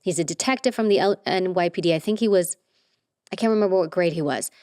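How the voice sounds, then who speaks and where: A woman's voice: lowish voice, quick pace, no room sound, clean studio sound. A middle-aged woman, an interview guest, telling a story casually and acting out quoted dialogue. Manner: animated, acts out quoted dialogue.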